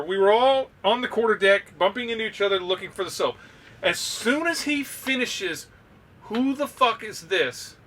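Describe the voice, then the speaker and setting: A man co-hosting a podcast, telling a story in a loose, profane, animated way. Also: sits high, distant mic, a little hiss or hum. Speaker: podcast co-host. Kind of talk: casual storytelling.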